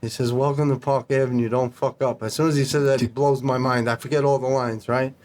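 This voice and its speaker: A man telling stories as a podcast guest in a casual, animated, profane way, acting out the dialogue. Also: mid-range voice, brisk. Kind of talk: casual storytelling.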